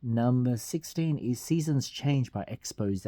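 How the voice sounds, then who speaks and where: A man's voice: mid-range voice, animated, unhurried, warm tone, dry recording, clean studio sound. A man casually counting down a chart of songs, half-singing the titles and laughing at his own slips. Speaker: vlogger counting down a song chart. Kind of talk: casual countdown with hummed song snippets.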